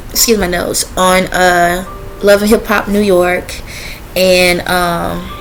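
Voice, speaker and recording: A woman speaks in a relaxed, conversational vlog voice at a mid-range pitch. She relays spirit messages, breaking off to ask quick yes-or-no questions. A faint hiss sits under the recording. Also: poor audio. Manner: chatty with frequent fillers and laughter. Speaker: spiritual messenger vlogger.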